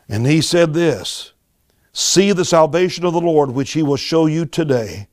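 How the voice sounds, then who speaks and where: A man's voice: a little high, normal speed, darkish tone. A man preaching a sermon, reading scripture and exhorting his listeners. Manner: emphatic, exhorting, with repeated interjections to the audience.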